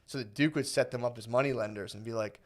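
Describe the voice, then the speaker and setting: A man's voice: medium pitch, fast talker. Rambling, swearing man on a podcast. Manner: rambling, swearing, acts out voices in anecdotes. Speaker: podcast co-host. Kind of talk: casual podcast banter.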